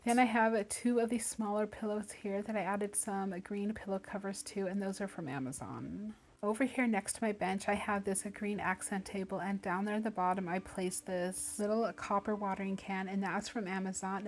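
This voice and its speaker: A woman narrates a casual home tour as a decor vlogger, her voice sitting at an everyday middle pitch. She sounds cheerful and gushing, warmly fond of each piece she points out. Soft music plays faintly under her. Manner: cheerful, gushing, often says she loves things.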